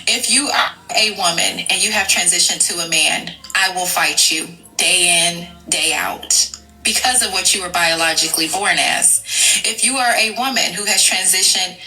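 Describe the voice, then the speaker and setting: A woman's voice: fairly low pitch, moderate pace, soft background music. A woman running a heated live-stream panel, speaking bluntly and cutting others off. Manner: blunt, forceful, cuts others off. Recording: distant from the mic.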